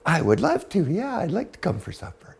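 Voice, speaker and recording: A gravelly-voiced man imitating his confused elderly mother, pitching his voice up into a wavering old-lady tone. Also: huge pitch swings, fairly quick, heavily acted. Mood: pleased. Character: confused elderly mother, by turns cranky and sweet.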